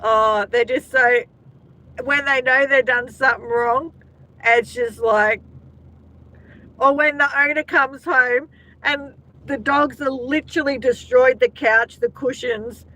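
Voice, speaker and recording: A woman's voice: high voice, steady tone, takes it slowly, bright, forceful tone, low-quality recording. An Australian woman hosting a casual live chat, laughing often and talking to her viewers by name. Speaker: livestream host.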